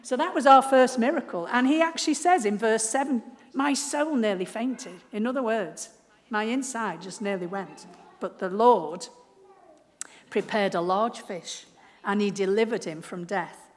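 A woman preaching a sermon, telling a story and swinging from hushed to loud. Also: a little high, moderate pace. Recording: echoey hall, faint noise.

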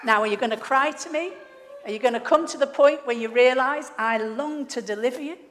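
A woman's voice: high voice, a little fast, fairly bright tone, faint music behind. A woman voicing God as a firm, tender fatherly figure who corrects a wayward man, in an echoey hall. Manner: firm, admonishing.

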